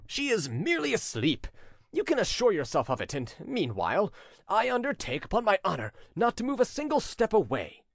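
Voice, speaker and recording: A man's voice: high voice, huge pitch swings, fairly quick, vocal fry, dry recording, studio quality, voice pushed up, full character voice. A man voicing a proud nobleman who speaks with cold, composed dignity.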